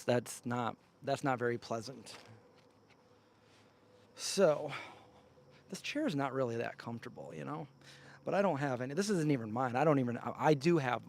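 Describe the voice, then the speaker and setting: A man's voice: mid-range voice, vocal fry. Chatty man by a campfire. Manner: loose and chatty, breaks off to call his dogs. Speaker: livestream host. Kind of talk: casual rambling livestream chat. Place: outdoors by a campfire. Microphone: handheld news-style mic held close.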